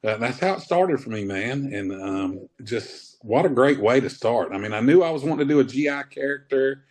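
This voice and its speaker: Guy in his 50s rambling thru old wrestling stories, easygoing, middle pitch. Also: lively intonation, moderate pace, darkish tone. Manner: rambling, laid-back, says man often. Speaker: wrestler guest. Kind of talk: casual interview storytelling.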